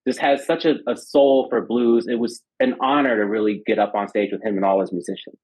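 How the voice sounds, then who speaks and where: A man in his thirties, a podcast guest, telling a story in an excited, casual way. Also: medium pitch, brisk. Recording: dull lo-fi sound.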